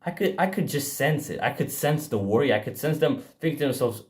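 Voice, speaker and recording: A young man at an ordinary middle pitch speaks straight to camera in a casual motivational monologue. He is blunt and swears freely, pressing hard on his points and often restarting his sentences. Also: lively intonation, brisk, darkish tone. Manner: blunt and profane, emphatic with frequent restarts. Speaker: self-improvement vlogger.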